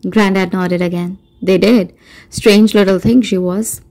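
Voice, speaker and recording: A woman narrating an audiobook in a measured storytelling manner, doing voices for the characters. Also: mid-range voice, steady tone, dark tone, low-quality recording. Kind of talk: scripted narration.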